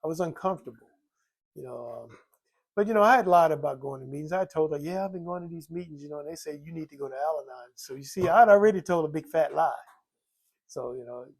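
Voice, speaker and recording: Older man with a gravelly voice sharing his recovery testimony, rambling and candid. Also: on the high side, fairly quick, a little mellow. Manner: rambling, many "you know" fillers, acts out quoted voices. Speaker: recovering alcoholic telling his story.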